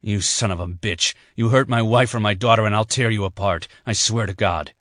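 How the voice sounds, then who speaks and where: A man voicing a furious, desperate captive husband who threatens and shouts in rage. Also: on the low side, moderate pace, no echo, clean studio sound, natural voice. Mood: seething. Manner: shouting, enraged.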